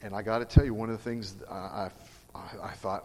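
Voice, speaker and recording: Middle-aged preacher in a reverberant hall. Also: male voice, on the low side, fairly even intonation, fairly quick, a little mellow, slight background noise. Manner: emphatic, earnest storytelling with frequent restarts. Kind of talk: storytelling sermon. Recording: long reverb of a large hall.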